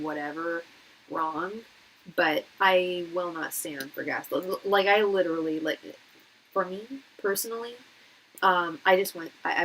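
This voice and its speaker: Bright-voiced woman in her late thirties. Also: fairly low pitch, a little hiss or hum, poor audio. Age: late 30s. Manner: animated, emphatic storytelling full of "like" and restarts. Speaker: tarot reader and psychic hosting a live reading. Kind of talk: casual live-stream chat and advice.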